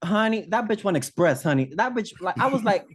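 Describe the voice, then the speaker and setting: A man's voice: high voice, expressive, brisk, husky. Campy guy dishing on horror movies, lots of honey and girl. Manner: campy, sassy, calls people honey. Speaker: podcast co-host. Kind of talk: casual group chat.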